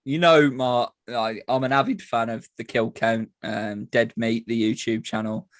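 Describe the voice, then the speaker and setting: A man's voice: medium pitch, steady tone, unhurried, no room sound. A man co-hosting a casual podcast, rambling through stories with many ums and teasing the others. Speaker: podcast co-host. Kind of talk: casual chat.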